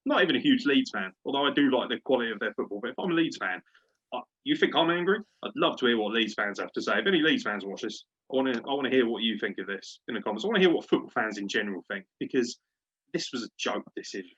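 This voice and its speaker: A man's voice: medium pitch, lively intonation, fast, fairly bright tone, husky. A man hosting a sports podcast, ranting and swearing at a refereeing decision in casual chat. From Britain. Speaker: podcast host. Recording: dull lo-fi podcast audio.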